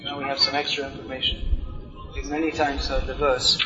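A man giving a scripture class, reading aloud, explaining and chanting verses slowly. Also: mid-range voice, completely flat delivery, sharp tone, a little hiss or hum. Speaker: lecturer on scripture. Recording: dull lo-fi sound, long hall reverb, music behind.

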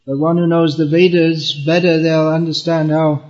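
Earnest male preacher, fairly high voice, restarts his phrases; lo-fi lecture tape. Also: little pitch movement, normal speed, a little mellow. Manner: earnest, repeats words while explaining; chants verses in Bengali. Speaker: spiritual teacher. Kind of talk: devotional lecture.

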